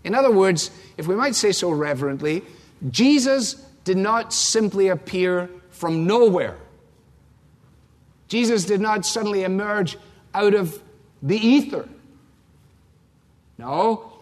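A man's voice: high voice, expressive, takes it slowly, long pauses. A man preaching a sermon as pastor, emphatic and fond of repeating key phrases for effect. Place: large church sanctuary. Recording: long reverb of a large hall.

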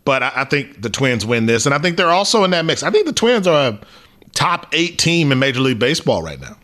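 Laid-back guy with a bright forceful voice chatting baseball picks. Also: medium pitch, quick pace. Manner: relaxed, easygoing, uneven pace. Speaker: sports show co-host. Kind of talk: casual sports chat.

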